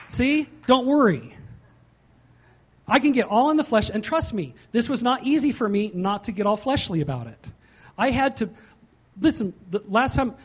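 A man preaching a sermon as pastor, slowing down to stress key points and dropping into chatty storytelling. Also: high voice. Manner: emphatic, slows and rises for key points, then drops into chatty storytelling.

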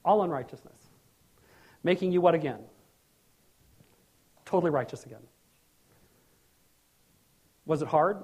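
A middle-aged man preaching a sermon as pastor, animated and joking, with sudden loud bursts. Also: a little high, measured pace, pauses often, breathy edge.

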